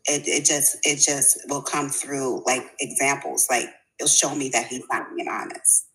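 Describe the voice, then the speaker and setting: A woman speaking hesitantly as a client in a reading session, pausing often. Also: a bass voice, steady tone, a bit bright, low-quality recording. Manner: hesitant, many pauses and fillers. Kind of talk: casual conversation in a reading session.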